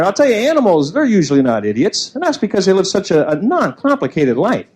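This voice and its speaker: A man's voice: sits high, very animated, fast talker, hardly any pauses, background noise. A man doing a self-mocking stand-up routine on a comedy club stage, slipping into silly voices for the people in his jokes. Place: comedy club stage before a live audience.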